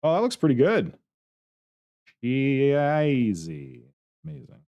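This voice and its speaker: A man's voice: medium pitch, wildly swooping pitch, takes it slowly, no room sound, highs cut off. A man streaming his hobby sculpting, talking to himself in short, casual remarks as he works. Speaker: miniature terrain sculptor streaming his work. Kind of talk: casual running commentary while working.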